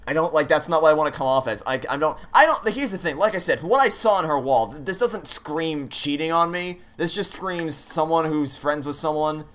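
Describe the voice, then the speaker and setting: A man's voice: on the high side, expressive, a little fast, few pauses, a bit bright. A man playing through a story game, thinking aloud with hesitant, stammering restarts and casual swearing. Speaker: let's play gamer.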